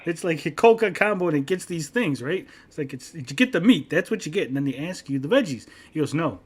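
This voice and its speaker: A man with a slightly raised voice and a lively, swooping delivery, telling a story on a casual podcast. His tone is husky and a bit breathy, and he swears freely. He acts out both sides of a heated argument. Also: on the high side, brisk. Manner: animated, profane, acts out quoted arguments. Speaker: podcast host.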